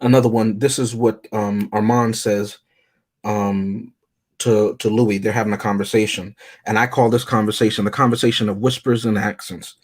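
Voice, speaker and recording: A man's voice: fairly low pitch, flat delivery, normal speed. A man co-hosting a casual film review chat, talking in a reflective, rambling way. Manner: reflective, rambling, reads quotes aloud.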